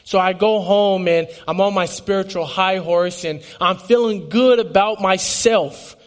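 A man in his twenties with a high, light voice shares his testimony in an earnest, emotional way. He often trips over his words and starts again. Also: measured pace. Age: 20s. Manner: earnest and emotional, with frequent restarts. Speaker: speaker giving a testimony. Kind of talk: personal testimony talk.

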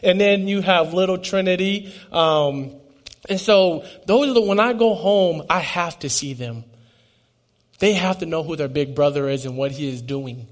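A man in his twenties with a high, light voice shares his testimony in an earnest, emotional way. He often trips over his words and starts again. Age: 20s. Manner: earnest and emotional, with frequent restarts. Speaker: speaker giving a testimony. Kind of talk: personal testimony talk.

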